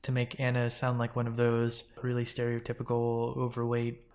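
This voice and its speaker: A man's voice: medium pitch, completely flat delivery, moderate pace, a little mellow. A man co-hosting a book podcast, analytically picking apart the grammar and style. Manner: analytical, picky about grammar. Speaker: podcast co-host. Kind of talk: casual book-club chat.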